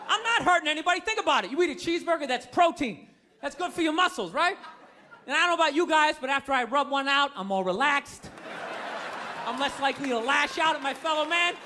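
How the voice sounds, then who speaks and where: High, bright ranting stand-up comedian man. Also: lively intonation, fast talker, some chatter behind, a little hiss or hum. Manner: ranting, profane, exasperated. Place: comedy club stage. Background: audience laughter.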